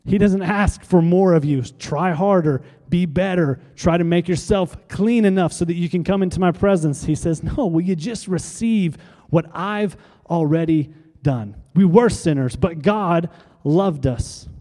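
A man's voice: high-pitched, measured pace, hardly any pauses, dark tone, in a large hall. A man pastor preaching a sermon, with emphatic repetition and call-and-response to the congregation.

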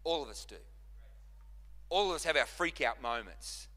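A man's voice: medium pitch, expressive, moderate pace, pauses often, sharp tone. A man preaching a sermon as pastor, impassioned, repeating and restarting phrases as he drives his points home. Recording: long reverb of a large hall.

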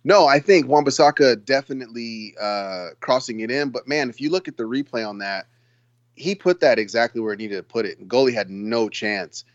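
Excitable man in dry lo-fi football chat. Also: medium pitch, fairly quick, no echo. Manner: excitable, rambling, laughs often. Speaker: podcast co-host. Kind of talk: casual sports chat.

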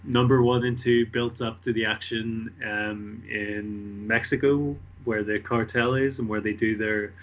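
A man's voice: on the low side, steady tone, unhurried, few pauses, fairly bright tone, muffled recording. A man co-hosting a casual comic book podcast, enthusiastic and easygoing, rambling a little. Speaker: podcast co-host.

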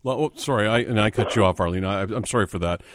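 A man's voice: lowish voice, fast talker, no room sound. A man hosting a radio call-in show from a studio mic, polite and a little apologetic. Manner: polite, apologetic, reads phone numbers. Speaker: radio host. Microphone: studio microphone.

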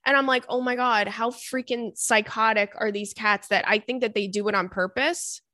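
A woman's voice: fairly high pitch, fairly even intonation, moderate pace, bright, forceful tone, dry recording, clean studio sound. A young adult woman hosting a podcast, chatting casually and animatedly, with casual swearing. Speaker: podcast host. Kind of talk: casual chat.

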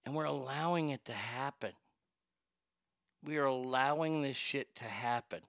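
A man hosting a crude comedic talk show, profane and excitable, laughing at his own jokes. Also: mid-range voice, normal speed, gravelly, clear, resonant tone, no echo, studio quality. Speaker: show host.

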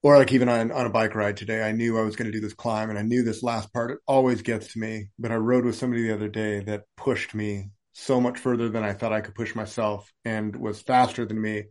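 A man with a fairly low voice hosts a podcast conversation. He talks casually and in a relaxed way, sharing examples from his own life. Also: brisk, hardly any pauses.

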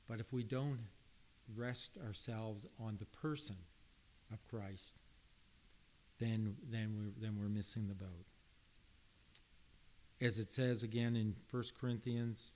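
A man's voice: mid-range voice, a little mellow. A man preaching a sermon, reading Bible passages aloud and stressing key words earnestly, with frequent restarts.

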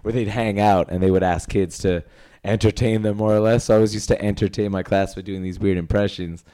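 A man from New York co-hosting a podcast, telling stories in a dry, deadpan way. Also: lowish voice, fairly quick. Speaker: podcast co-host. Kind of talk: casual chat.

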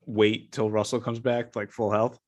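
A man's voice: on the low side, level tone, normal speed, a little mellow. A man co-hosting a casual sports betting podcast, reading off betting stats in a laid-back way.

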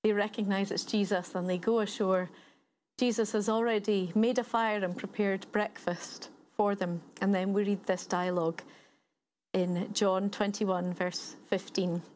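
Woman preacher telling a story like she's chatting, mid-pitched voice, bit of faint background hiss. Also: steady tone, a little slow, a little mellow. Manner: conversational storytelling with rhetorical repetition. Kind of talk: sermon.

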